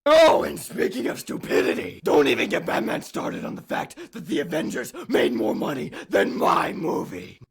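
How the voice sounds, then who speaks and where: A vain caped hero, played by a man, brags in a raised, gravelly voice that leaps all over the place. He talks about himself in the third person and sounds thoroughly pleased with himself. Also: sits high, huge pitch swings, moderate pace, hardly any pauses, exaggerated voice. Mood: gloating. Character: pompous self-obsessed male superhero parody.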